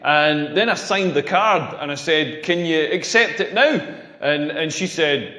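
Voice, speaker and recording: A man's voice: fairly high pitch, a little slow, sharp tone. A man doing a crude, self-mocking stand-up routine on a club stage. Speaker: stand-up comedian. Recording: echoey stage with long reverb.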